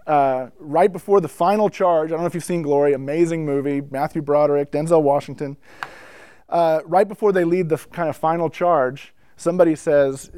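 Animated man telling church stories. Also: on the high side, no room sound. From North America. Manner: animated, acts out quotes, laughs while telling stories. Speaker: speaker giving a talk on church worship history. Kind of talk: casual storytelling lecture.

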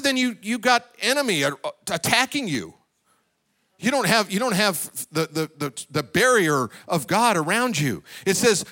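Preaching man with a fairly high voice. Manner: preaching with big swings from loud, high exclamations to low, quiet asides. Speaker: pastor. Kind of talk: sermon. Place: church.

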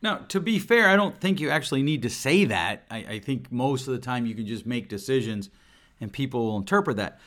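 A man's voice: mid-range voice, lively intonation, brisk, a bit bright. A middle-aged man hosting a solo podcast, talking earnestly and reflectively at his computer mic, often restarting and repeating words. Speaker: podcast host. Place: home recording setup at a computer. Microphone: desk microphone.

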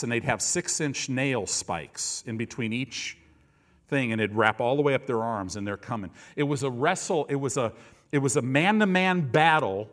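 A male preacher delivering a sermon who swings between low, intense passages and loud, high-pitched bursts, often repeating words for emphasis.

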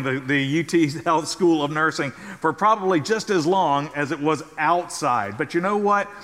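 Bright, enthusiastic man preaching in church. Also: high-pitched. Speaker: pastor. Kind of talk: sermon. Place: church sanctuary. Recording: church hall reverb.

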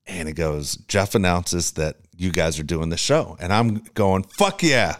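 A man co-hosting a casual radio podcast, telling stories in a profane, animated way. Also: sits low, unhurried. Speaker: co-host.

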